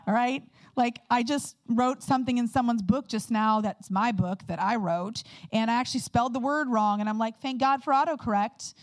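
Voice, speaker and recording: A woman guest speaker giving a candid, conversational sermon with quick personal asides. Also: a little high, no echo.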